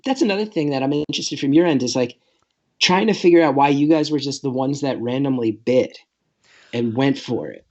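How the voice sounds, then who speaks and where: A man's voice: medium pitch, expressive, fairly quick, darkish tone, muffled recording. A man in his late thirties, a comedian guest telling a story in a rambling, nervous, self-deprecating way. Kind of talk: casual podcast storytelling.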